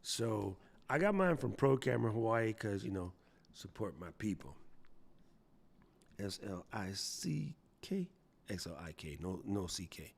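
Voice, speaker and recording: Animated chatty man hosting a livestream. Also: lowish voice, measured pace, gravelly, slightly rough. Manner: playful, chatty, reads chat aloud, jokey voices. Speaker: livestream host. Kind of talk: casual live stream chat.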